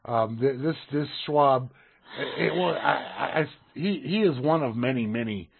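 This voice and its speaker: A man co-hosting a podcast in casual chat, halting and stammering, often repeating his words. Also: medium pitch, lively intonation, gravelly, breathy edge. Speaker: podcast co-host. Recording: tinny phone-like lo-fi sound.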